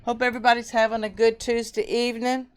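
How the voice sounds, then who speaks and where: A woman's voice: fairly high pitch, level tone, quick pace, clear, resonant tone. A woman hosting a casual live stream from her home fish room, greeting viewers by name and reading their comments aloud into a webcam.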